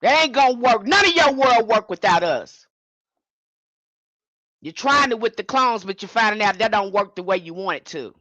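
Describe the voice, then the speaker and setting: A woman's voice: mid-range voice, animated, normal speed, fairly bright tone, no room sound, highs cut off. A woman giving an impassioned livestream sermon as a spiritual teacher, speaking in a fiery, confrontational way and repeating her points.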